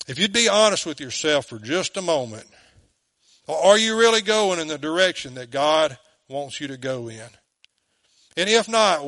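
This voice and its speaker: A man preaching a sermon in an earnest way, who asks his listeners direct questions and slows down when he quotes scripture. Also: a little high, fairly bright tone, no room sound. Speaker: pastor.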